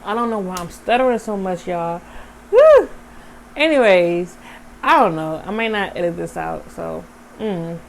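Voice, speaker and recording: A young woman vlogger telling a casual, animated story straight to her viewers. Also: fairly low pitch, moderate pace, gravelly, slight background noise. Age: young adult.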